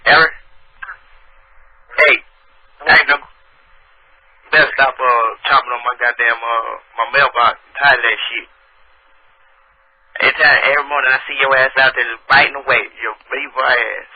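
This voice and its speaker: A man's voice: medium pitch, fairly even intonation, moderate pace, pauses often, natural voice. A man putting on a rural American accent to play an angry, profane grown man threatening a neighbor. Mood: furious. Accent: put-on rural American. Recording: tinny phone line.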